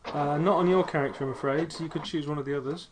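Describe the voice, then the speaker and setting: A man's voice: fairly high pitch, steady tone, fast, background noise. A man from England running a tabletop game as game master, explaining at length with dry humor.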